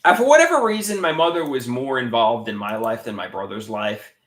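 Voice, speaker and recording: Man, casual livestream host, reads chat aloud, swingy animated pitch, roomy echo. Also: brisk. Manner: reads viewer comments aloud and greets chatters.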